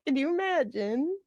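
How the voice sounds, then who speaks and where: A woman's voice: high voice, a little mellow, dry recording, highs cut off. A woman hosting a livestream, chatting casually in a gossipy way and laughing often. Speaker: livestream host.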